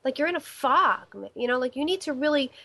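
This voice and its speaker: A woman's voice: sits high, lively intonation, quick pace, fairly bright tone. A woman hosting a live call-in psychic show, talking in a rambling way with many fillers and restarts. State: stiff neck. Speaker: psychic medium show host.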